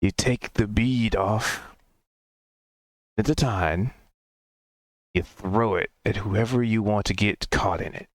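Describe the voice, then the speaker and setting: A man's voice: lowish voice, slow, pauses often, no room sound. A man voicing a shrewd male monster merchant with one big toothy mouth, haggling in a matter-of-fact way. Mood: businesslike.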